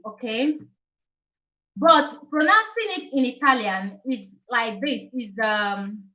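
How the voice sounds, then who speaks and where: A woman's voice: on the high side, bright, forceful tone, muffled recording. A young woman hosting a casual live-stream lesson, repeating each point and often checking with "okay?". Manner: repetitive, explains each point several times with many "okay?" checks. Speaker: language teacher hosting a live chat.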